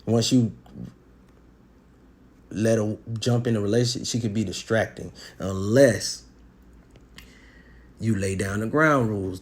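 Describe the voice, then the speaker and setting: Blunt, animated man giving dating advice. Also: on the low side, measured pace, long pauses. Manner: blunt and animated, with sports analogies and acted-out quotes; profane, streetwise slang. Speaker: podcast host giving relationship advice. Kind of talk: casual monologue.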